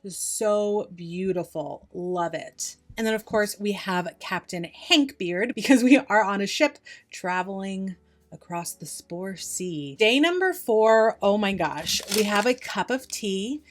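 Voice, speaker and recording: A young woman hosting a casual yarn unboxing review, gushing with enthusiasm and exclaiming over every item. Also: mid-range voice. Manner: gushing, enthusiastic, repeats "oh my gosh". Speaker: yarn channel host.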